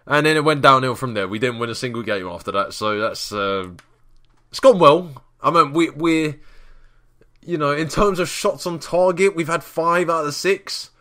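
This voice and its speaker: A man commentating his own football management game, dry and self-mocking, shouting when a goal goes in. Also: on the high side, moderate pace. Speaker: gaming YouTuber.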